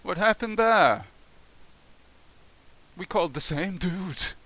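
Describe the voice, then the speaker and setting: A man making prank phone calls in a deadpan, mock-polite way, then chatting casually to his listeners. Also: sits high, takes it slowly. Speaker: prank caller and host. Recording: faint hiss behind the voice.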